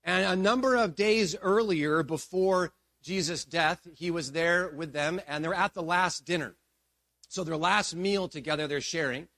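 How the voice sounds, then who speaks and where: A male pastor giving a sermon with animated storytelling, swinging between emphatic bursts and hushed passages. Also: on the high side, a little slow.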